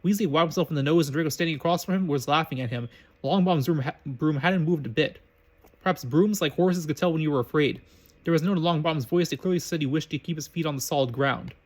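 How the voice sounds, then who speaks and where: Male amateur reader, quick, stumbling and self-correcting narration. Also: on the high side. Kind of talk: reading fan fiction aloud.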